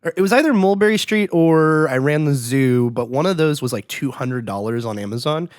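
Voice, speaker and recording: A man's voice: a little high, animated, brisk, no echo, clean studio sound. A man hosting a podcast in casual, rambling chat. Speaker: podcast host. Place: podcast studio.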